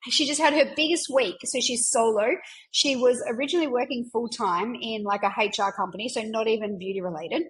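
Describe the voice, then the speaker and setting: A woman's voice: fairly high pitch, brisk, rough recording. Emphatic, encouraging woman mentor. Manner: emphatic and encouraging, with frequent fillers and occasional swearing. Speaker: business mentor and podcast host. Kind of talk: casual conversational coaching chat.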